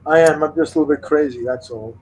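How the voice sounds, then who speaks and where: American man, slightly raised pitch, hesitant chatty guest, faint hiss behind. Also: rough recording. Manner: hesitant, halting, laughs easily. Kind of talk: casual chat.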